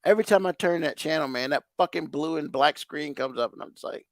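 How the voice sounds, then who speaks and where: Gravelly, heated man ranting on a podcast. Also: fairly high pitch, quick pace, no echo, studio quality. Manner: heated, profane, exasperated ranting. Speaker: podcast host. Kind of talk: profane ranting podcast chat.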